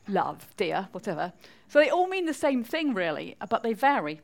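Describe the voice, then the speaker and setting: A woman's voice: mid-range voice, big pitch swings, a little fast, few pauses. A woman from northwest England with a Mancunian accent, giving a chatty church talk and quizzing the congregation. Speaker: preacher.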